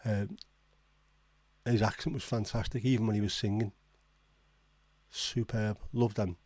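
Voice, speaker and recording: A man's voice: lowish voice, fairly even intonation, unhurried, darkish tone, no room sound. A man hosting a casual livestream, reading out viewer comments and reacting with blunt, swearing disbelief. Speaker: livestream host.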